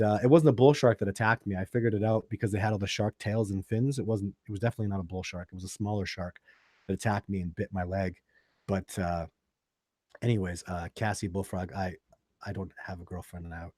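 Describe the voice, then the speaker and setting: A man's voice: lowish voice, a little fast, a little mellow, no room sound, clean studio sound. A man hosting a live stream, answering viewers' questions and telling stories in a rambling way, with many restarts and fillers. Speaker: host of a live video chat about Sasquatch research.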